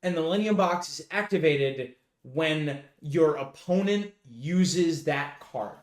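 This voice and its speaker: A man's voice: a little high, animated, slow, reverberant. A man co-hosting a podcast, recapping a show in casual chat, rambling with many fillers and swearing freely. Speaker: podcast co-host.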